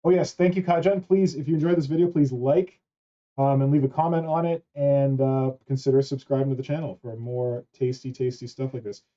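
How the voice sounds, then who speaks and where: A man's voice: medium pitch, steady tone, brisk, warm tone. A man hosting a casual online chat, rambling and swearing casually. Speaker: host. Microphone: wrong mic. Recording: dull lo-fi mic.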